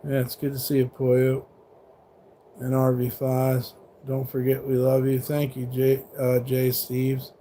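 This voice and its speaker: A man's voice: medium pitch, completely flat delivery, a little slow, dark tone. A middle-aged man livestreaming from a truck stop, talking casually and swearing as he taunts trolls in the chat. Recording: faint background noise.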